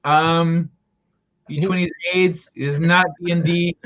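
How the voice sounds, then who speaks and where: High-voiced man chatting about games. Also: slow, clean tone, dull audio. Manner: excitable, joking, trails off mid-sentence. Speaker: co-host of a gaming talk stream. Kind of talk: casual chat.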